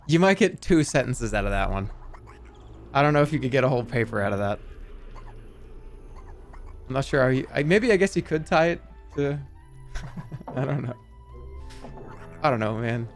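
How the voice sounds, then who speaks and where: A man streaming a video game, chatting in a rambling, profane, animated way. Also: mid-range voice, measured pace, long pauses, soft background music. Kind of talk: casual chat while gaming.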